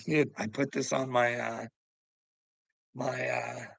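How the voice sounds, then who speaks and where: Rambling man with a gravelly, husky voice. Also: medium pitch, little pitch movement, slow pace, no room sound, low-quality recording. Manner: laughs often, swears, rambles and addresses viewers. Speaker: livestream host. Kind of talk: rambling casual livestream chat.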